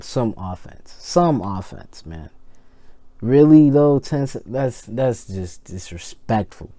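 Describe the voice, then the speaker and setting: Young man, wrestling review rant, mid-pitch, mellow dark tone, dry close sound, rambling with fillers. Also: no room sound. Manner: animated, rambling, lots of fillers and repeats. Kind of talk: casual rant to camera.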